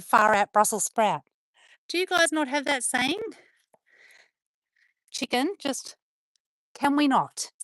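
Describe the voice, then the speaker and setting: A woman's voice: on the high side, a bit bright, no echo. A woman vlogging outdoors on a farm, chatting playfully and teasing her dogs. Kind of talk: casual chat to camera and to her dogs.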